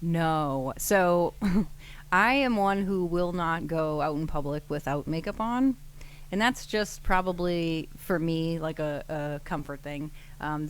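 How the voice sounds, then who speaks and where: A woman, a nurse, talking casually and chattily, laughing easily. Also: sits low. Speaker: nurse and guest. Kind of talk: casual conversation.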